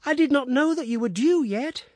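A man voicing an excitable, clingy teenage boy in an audiobook, high and gushing. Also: moderate pace, no room sound. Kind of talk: audiobook character reading.

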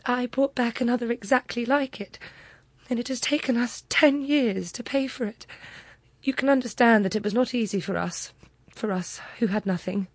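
A woman's voice: on the high side, normal speed, slightly rough, dry recording, voice pushed up. A woman voicing a worn-down, proud Frenchwoman. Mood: earnest. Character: worn-down poor Frenchwoman, middle-aged, proud.

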